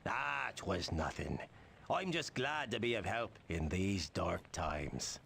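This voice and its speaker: A game ally with a put-on Irish lilt. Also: male voice, sits low, sing-song, slow pace, creaky, a bit bright, slight background noise, heavily acted. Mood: friendly. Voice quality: forced, unconvincing Irish accent. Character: friendly male ally greeting the heroes. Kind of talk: video game voice acting.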